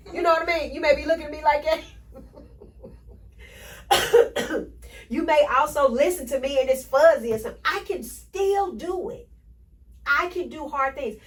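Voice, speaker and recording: Woman, podcast host, energetic, preachy, repeats affirmations, fairly high voice, a bit off-mic. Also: far from the mic, poor audio. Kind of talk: motivational podcast talk.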